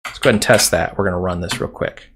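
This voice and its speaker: A man's voice: low voice, fast talker, a bit bright, a little hiss or hum. A man teaching a coding tutorial over a screen recording, talking casually and joking while he types. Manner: casual, chatty, jokes while typing code. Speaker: programming instructor.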